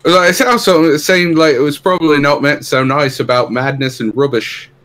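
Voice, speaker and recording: A man's voice: a little high, a little fast, a bit bright. Joking, hesitant man playing. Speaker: player. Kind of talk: casual tabletop game play.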